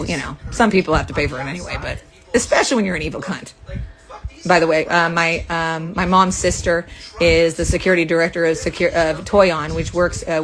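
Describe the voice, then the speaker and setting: A woman venting angrily to the camera, firing off profane, rapid accusations from a rented room. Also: lowish voice, fairly bright tone. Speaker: vlogger. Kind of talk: angry venting monologue to camera.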